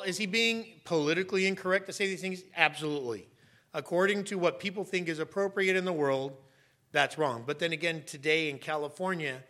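Man, pastor, sermon, emphatic, high voice, bright tone. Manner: emphatic, rising to sharp raised shouts.

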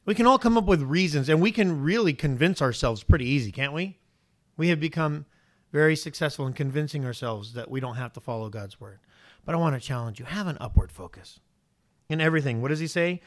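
A male pastor preaches a sermon with a somewhat high voice. He asks one question after another. He shifts between urgent pleas and quieter emphasis. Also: lively intonation, fairly quick. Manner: preaching with many rhetorical questions.

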